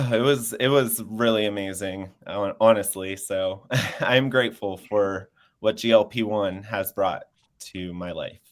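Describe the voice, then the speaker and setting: A man's voice: lowish voice, a little slow. A man in his twenties, a panel guest sharing his story in casual chat over a video call, earnest and open, laughing easily. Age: 20s.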